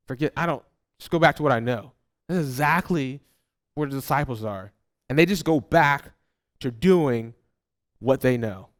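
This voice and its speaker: A man with a notably high voice preaches a casual, animated sermon. He speaks straight to the church, slipping into acted-out replies as he goes. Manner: conversational, animated preaching that acts out people's replies; addresses the congregation directly. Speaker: pastor.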